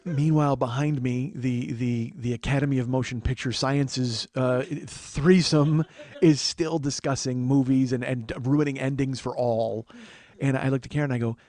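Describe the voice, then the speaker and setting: A man's voice: medium pitch, steady tone, moderate pace, a little mellow. A middle-aged man telling a comic story as a podcast host, ranting with frequent swearing and exasperation. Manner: profane, exasperated rant. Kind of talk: storytelling monologue.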